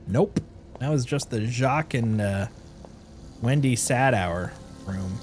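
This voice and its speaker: A man's voice: mid-range voice, slow pace, slight background noise. A man streaming a game, chatting casually as he plays and reading in-game notes aloud. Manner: animated, thinks aloud and reads game notes aloud. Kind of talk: casual gameplay commentary.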